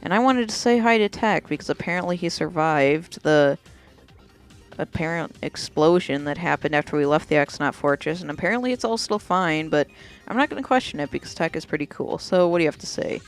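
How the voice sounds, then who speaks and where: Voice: mid-range voice, fairly quick, faint music behind. A let's player chatting offhand while commenting on a video game.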